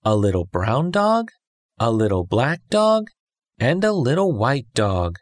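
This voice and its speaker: A man narrating a simple children's story for language learners, taking his time over every word. His pitch rises and falls in a lively, sing-song way, and the sound is dry and close. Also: no echo. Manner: slow, clear, storybook reading. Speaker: textbook audio narrator. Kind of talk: scripted story reading for English learners.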